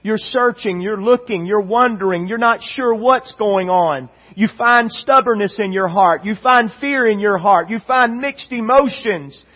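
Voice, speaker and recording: A man's voice: sits high, measured pace, few pauses, lo-fi sound. A man preaching a sermon as pastor, with impassioned, repeated emphatic phrases.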